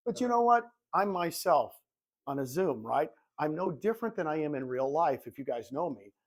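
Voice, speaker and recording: An older man in his sixties presenting to a room of real estate agents. He talks like a goofball, telling stories and acting out both sides of his conversations. His voice sits a little high. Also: a little slow, pauses often, a little hiss or hum. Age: 60s. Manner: animated storytelling, acts out dialogue; jokey self-described goofball. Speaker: real estate recruiter and coach.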